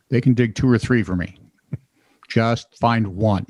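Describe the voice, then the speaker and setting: A man's voice: mid-range voice, slow pace, a little mellow, dry recording, dull audio. Joking American man co-hosting a podcast. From United States. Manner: joking, teasing, laughs often. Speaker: podcast co-host. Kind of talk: casual comedic news chat.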